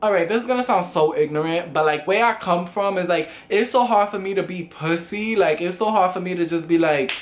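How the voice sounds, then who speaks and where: A young man telling a storytime vlog in a casual, animated way, full of swearing and acted-out quotes. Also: high voice, brisk, few pauses. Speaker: vlogger.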